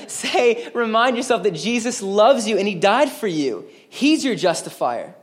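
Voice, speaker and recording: A man's voice: animated, a little slow, hardly any pauses. A man preaching a sermon as pastor, earnest and emphatic, with casual asides to the congregation. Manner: earnest, emphatic preaching that rises higher and louder on exhortations; conversational asides and checks with the congregation.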